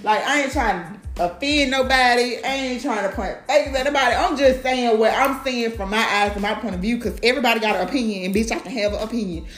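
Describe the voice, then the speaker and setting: A woman's voice: on the high side, fast, few pauses, fairly bright tone. A woman giving a blunt, profane, outspoken monologue as a vlogger. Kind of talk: candid monologue. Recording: echoey room.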